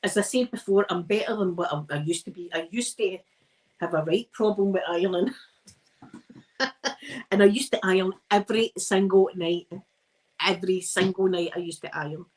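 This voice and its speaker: A Scottish woman irons during an ASMR livestream, her casual chat broken up by yawns. Speaking at a moderate pace in a medium-pitched voice, she pauses often and rambles with self-mocking humor. The audio quality is poor.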